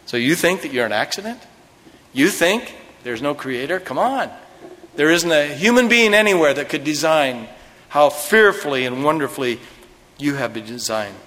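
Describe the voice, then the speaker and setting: A man preaches to a congregation in a church sanctuary, moving from excited, climbing passages to low, hushed asides. His voice sits a little high for a man. A long hall reverb trails every phrase. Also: normal speed. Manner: animated preaching with dramatic drops to a hush. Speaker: pastor. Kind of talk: sermon.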